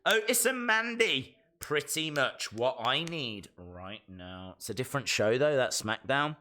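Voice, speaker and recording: A man streaming a live wrestling watch-along, reacting with jokes and sudden shouted mimicry. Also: mid-range voice, unhurried. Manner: animated, jokey, mimics wrestlers in shouted bits.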